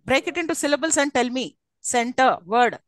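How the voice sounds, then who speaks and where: Female lecturer; high pitch, dry recording, patient step-by-step explanations. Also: animated, quick pace, no room sound, poor audio. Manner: explains step by step, often checks "okay?". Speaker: English lecturer. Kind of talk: live classroom lecture.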